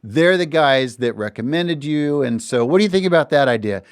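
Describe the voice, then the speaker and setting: A man's voice: a little high, moderate pace, clean tone, no echo. A middle-aged man hosting a podcast from a recording studio, telling a story casually and animatedly, acting out other people's lines as he goes. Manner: animated, slips into voices when quoting others. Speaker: podcast host.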